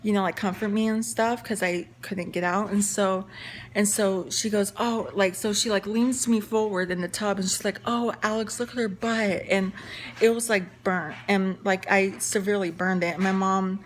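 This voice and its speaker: A woman's voice: medium pitch, steady tone, normal speed, slight background noise. A young woman telling a casual story-time vlog, chatty with lots of fillers and restarts. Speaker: vlogger.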